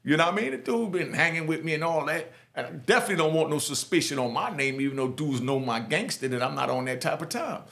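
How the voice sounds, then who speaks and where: A middle-aged New Yorker with a Jamaican New York accent tells his prison stories in street slang, scattering plenty of "you know what I mean" asides. His speech is animated and fast with vocal fry and hardly any pauses, and he acts out other people, dropping low and soft for their voices.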